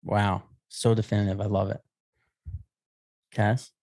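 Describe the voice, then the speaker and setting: A man's voice: on the low side, flat delivery, a little slow, darkish tone. A man co-hosting a podcast, teasing the others and firing off casual questions. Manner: teasing, asks lots of questions. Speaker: podcast co-host. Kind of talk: casual chat.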